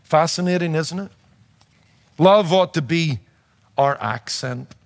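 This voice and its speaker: A middle-aged man with a Northern Irish accent preaches a sermon as a pastor, keeping it conversational with rhetorical questions and light humor. His voice is a little high and his pace is slow.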